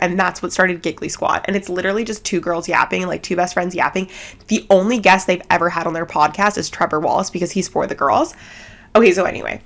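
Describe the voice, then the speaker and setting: A woman from Canada hosting a casual chat podcast at home, giggly and rambling, talking fast with lots of fillers. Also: on the low side, fairly even intonation, creaky, fairly bright tone. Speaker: podcast host. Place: home setup, seated cross-legged.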